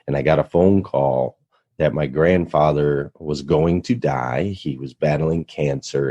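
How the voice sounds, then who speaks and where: A man's voice: a bass voice, mellow, husky, muffled recording. A man telling a personal story as a podcast guest, earnest and motivational, building to emphatic points. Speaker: radio show host, podcast guest.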